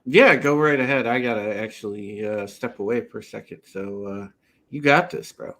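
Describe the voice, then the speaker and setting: A man co-hosting a podcast in casual chat, relaxed and full of fillers and repeated words. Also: fairly low pitch, normal speed. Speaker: podcast co-host.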